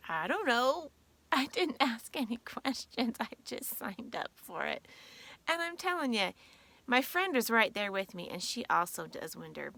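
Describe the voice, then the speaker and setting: Chatty vlogger lady, slow drawl, gravelly, kinda bright voice. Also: on the high side, big pitch swings. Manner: chatty, drawling, giggly asides. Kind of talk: casual chat.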